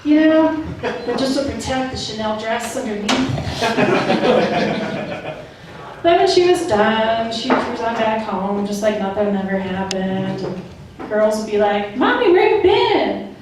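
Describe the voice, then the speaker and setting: A woman's voice: medium pitch, slow, pauses often, background noise. A woman performing a stand-up routine, telling a casual, profane, slangy story and doing voices for the characters. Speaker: stand-up comedian. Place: comedy club stage. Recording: echoey club from far off with crowd laughter. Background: audience laughing.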